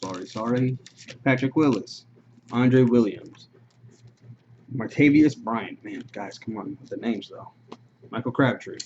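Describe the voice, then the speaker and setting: A man's voice: mid-range voice, unhurried, pauses often, darkish tone. A man hosting a live card break, rattling off player names with casual offhand asides. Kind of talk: casual live-stream chat. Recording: muffled stream audio with noise.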